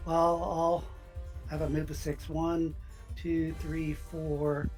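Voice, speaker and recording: A man's voice: on the high side, monotone, takes it slowly, darkish tone. A man player in a tabletop game who talks hesitantly and counts out his moves aloud. Faint music plays behind him. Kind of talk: casual tabletop game chat.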